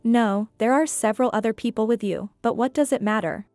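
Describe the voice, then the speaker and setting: A woman voicing an apologetic male department head, read in a plain, even way. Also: a little high, brisk, dry recording, soft background music, natural voice.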